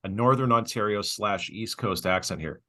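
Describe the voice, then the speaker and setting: A man's voice: fairly low pitch, moderate pace, sharp tone. A man hosting a podcast, joking and laughing often in casual chat. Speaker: podcast host.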